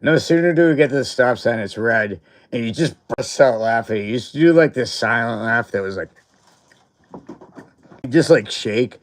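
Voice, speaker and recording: During a casual livestream chat, the host meanders through a school anecdote, peppering it with filler words and laughter. He speaks in an animated mid-range voice at normal speed.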